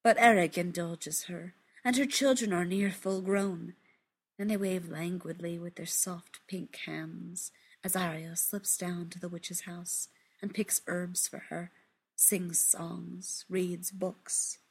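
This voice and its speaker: A woman reading a literary story aloud in a hushed, measured, intimate way, often dropping into a whisper. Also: lowish voice, steady tone, husky.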